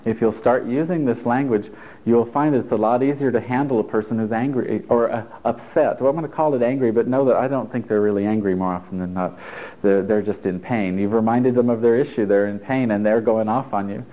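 A male therapist talks a group through a live workshop, chatty and encouraging with joking asides, in a stuffy indoor room with an audience. His medium-pitched voice is steady in tone and brisk. The recording is tinny, lo-fi, and phone-like.

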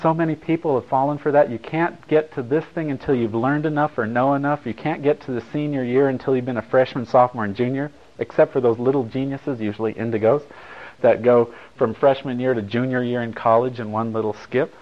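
A man's voice: medium pitch, fairly even intonation, brisk. A man speaking to an audience at a talk, telling a story in a casual, wry, digressive way. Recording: slightly dull recording.

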